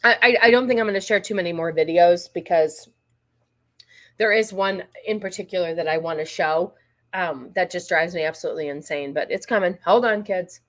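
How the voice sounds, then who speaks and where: A woman's voice: lowish voice, brisk, a bit bright. A middle-aged woman hosting a casual commentary livestream, blunt and exasperated, with frequent profanity. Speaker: livestream host.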